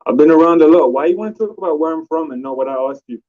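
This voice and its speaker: A man's voice: a little high, rapid-fire. A man calling in to a live stream, arguing in a confrontational way and swearing, heard through muffled lo-fi call audio. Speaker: caller. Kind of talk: heated call-in argument.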